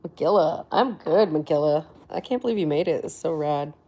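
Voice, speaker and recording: A woman's voice: low voice, normal speed, warm tone. A woman chatting casually with viewers on her livestream, laughing often and sometimes dropping to near whispers. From Florida. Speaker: livestream host.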